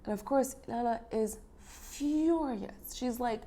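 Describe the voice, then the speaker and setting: Woman casually retelling an ancient myth, relaxed mellow tone, chatty with lots of "like"s. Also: a little high, takes it slowly, hardly any pauses. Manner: chatty and irreverent, fillers and mild swearing. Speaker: host.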